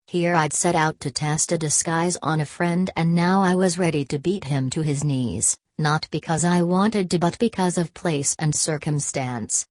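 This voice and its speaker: A woman reading a novel aloud as an audiobook narrator, voicing every character in one steady voice. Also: low-pitched, normal speed, hardly any pauses, dry recording. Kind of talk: scripted narration.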